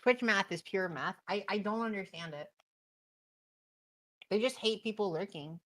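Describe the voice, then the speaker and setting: A woman's voice: medium pitch, moderate pace, rough recording. A young woman streaming a co-op horror game, swearing and laughing often. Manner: loud, swearing, laughing a lot. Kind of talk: casual let's-play chat.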